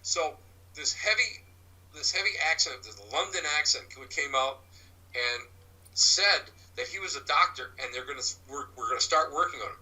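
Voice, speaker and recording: A man who works as a psychic medium and teaches mediumship, telling rambling stories in a halting way, often restarting his words. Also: a little high, animated, pushed and bright, recorded from a distance, poor audio. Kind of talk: rambling anecdotal storytelling.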